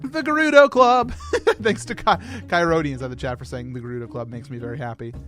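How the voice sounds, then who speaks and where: A man hosting a casual livestream discussion about a game, excitable and rambling, often laughing at himself. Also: medium pitch, fairly quick, soft background music. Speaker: host.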